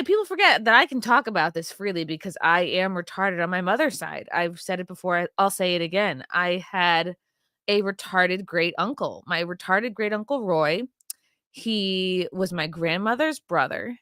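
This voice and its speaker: A woman's voice: lowish voice, expressive, moderate pace, sharp tone, dry recording, studio quality. A woman hosting her own show, giving blunt, profane and rambling commentary on video clips with a sarcastic edge. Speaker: host.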